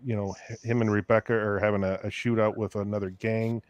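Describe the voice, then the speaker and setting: A man's voice: lowish voice, flat delivery, quick pace. A man hosting a casual review chat, recapping scenes in a rambling way with many fillers. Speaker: podcast host.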